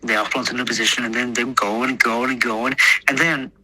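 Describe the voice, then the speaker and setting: A man with an American accent tells a long story in a loose, rambling way, with plenty of swearing and "like" fillers. His voice has a very sharp, tense edge, and he keeps laughing at his own jokes. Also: mid-range voice, level tone, brisk, husky, rough recording. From Texas, United States. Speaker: guest. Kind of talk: casual storytelling.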